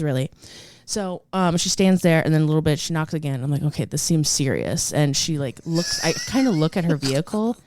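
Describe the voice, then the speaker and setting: A woman co-hosting a podcast, telling a story in a rambling, animated way full of fillers. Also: low-pitched, fairly quick. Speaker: podcast co-host. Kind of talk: casual storytelling chat.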